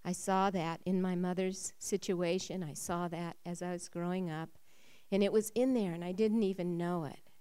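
A woman sharing a personal faith testimony. Her voice rises when she gets excited and drops low when she turns reflective. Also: moderate pace, clean tone. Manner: emotional storytelling, rising when excited and dropping low when reflective.

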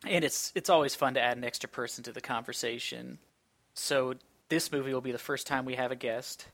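A man's voice: medium pitch, steady tone, fairly quick, fairly bright tone, dry recording. Sarcastic young male podcast co-host. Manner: opinionated, sarcastic, uses many "like" fillers. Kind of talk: casual chat.

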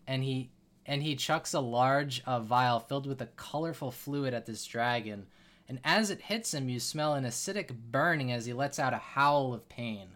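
A man's voice: medium pitch, normal speed, a bit bright. A man narrating a tabletop role-playing game as game master, with frequent uhs and restarts. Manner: many filler uhs, restarts.

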